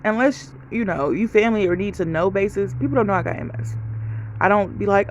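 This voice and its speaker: A woman's voice: medium pitch, quick pace, slight background noise, rough recording. A woman vlogger giving a casual life update, telling stories straight to her viewers. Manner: chatty storytelling, talks straight to viewers.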